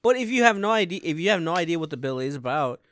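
A man's voice: fairly high pitch, very animated, quick pace, a bit bright, dry recording. Laid-back man chatting on a podcast. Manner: laid-back, casual, profane. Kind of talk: casual opinion chat.

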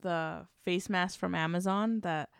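A woman's voice: fairly low pitch, steady tone, unhurried, gravelly, clean tone, no room sound, studio quality. A young woman in casual chat, blunt and sardonic, swearing freely.

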